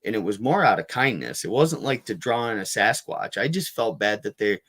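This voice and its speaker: A man's voice: fairly low pitch, expressive, normal speed, a bit bright. A man telling a story as a guest in a casual interview, rambling with frequent restarts and fillers. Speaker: guest, Bigfoot field researcher.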